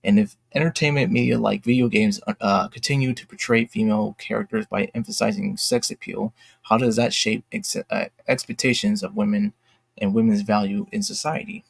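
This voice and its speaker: A man with a gravelly, slightly husky voice reads a news article aloud and comments on it. He trips over words now and then and adds quick apologetic asides. The recording is dry and close, with no room sound. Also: on the low side, fairly even intonation, no room sound. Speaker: YouTube commentator.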